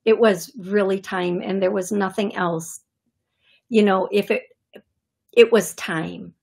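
A woman hosting a live call-in radio show as a psychic medium, chatty and quick to laugh when nervous. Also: mid-range voice, steady tone, creaky, darkish tone, slightly rough.

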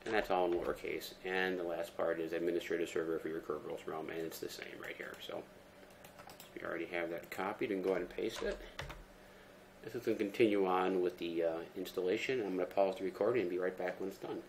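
The tutorial presenter, a man with a very low voice, explains a screen-recorded tech process step by step at a quick pace, relaxed and full of ums and uhs. Behind him are faint noise and the sound of a keyboard.

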